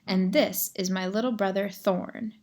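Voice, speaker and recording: A woman's voice: mid-range voice, steady tone, measured pace, darkish tone, natural voice. A woman voicing a young, bossy female bear in a storybook, sarcastic and mocking.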